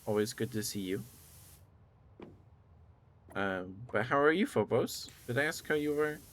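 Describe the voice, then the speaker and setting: A man's voice: medium pitch, expressive, a little slow, a bit bright. Groggy laid-back male streamer. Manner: laid-back, chatty, thanks viewers. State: groggy morning voice. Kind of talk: casual live-stream chat.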